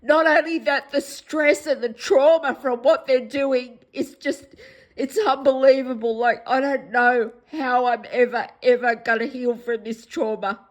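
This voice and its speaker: An Australian woman in a distressed personal vlog monologue, upset and pleading, repeating herself, her voice going hoarse. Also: high-pitched, steady tone, a little slow, poor audio. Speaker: vlogger.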